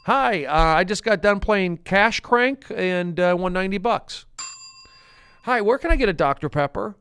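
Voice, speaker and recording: A man putting on the voice of an excitable guy rambling around a casino hotel, high and yelping. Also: unhurried, smooth, heavily acted. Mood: giddy.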